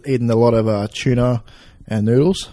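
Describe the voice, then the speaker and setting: A man talking casually and low-key, mumbling his answers. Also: fairly even intonation, moderate pace, dark tone. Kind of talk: casual chat.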